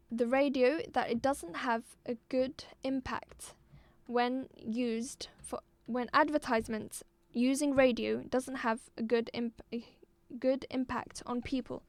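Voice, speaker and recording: Slow, high-voiced woman teaching pronunciation. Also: no echo. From Algeria. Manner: slow, deliberate, repeats and spells out words for pupils. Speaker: English teacher. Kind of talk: live online exam-review lesson.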